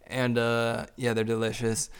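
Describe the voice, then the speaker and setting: A young man co-hosting a casual podcast with his wife, talking in a playful, rambling way with quick asides. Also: mid-range voice, completely flat delivery, clean tone. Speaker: podcast co-host.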